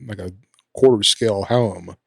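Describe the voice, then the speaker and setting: A man's voice: fairly low pitch, normal speed, gravelly, slightly rough, no echo. A man co-hosting a film chat, adding offhand, trailing remarks. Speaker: film society co-host.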